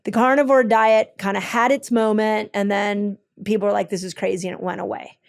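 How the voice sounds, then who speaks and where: A woman with a gravelly, fry-edged voice at a middle pitch talks through health advice as an interview guest. She is enthusiastic and methodical, often restarting sentences. Her tone stays conversational throughout. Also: steady tone, brisk. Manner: enthusiastic, explains step by step, many ums and restarts. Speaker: health expert guest with a clinic. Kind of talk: conversational explanation.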